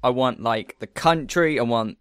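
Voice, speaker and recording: A man's voice: mid-range voice, normal speed, a bit bright, clear, resonant tone, no room sound, clean studio sound. A man co-hosting a casual podcast, chatty and laughing, with loose, casual swearing. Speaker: podcast co-host. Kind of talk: casual chat.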